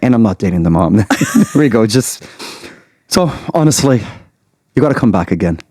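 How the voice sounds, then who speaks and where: A playful man hosts a casual podcast chat, teasing his guest. His voice sits a little low but moves around a great deal. It is recorded dry, close to the mic. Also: very animated, moderate pace, a little mellow, no room sound. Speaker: podcast host, wedding MC.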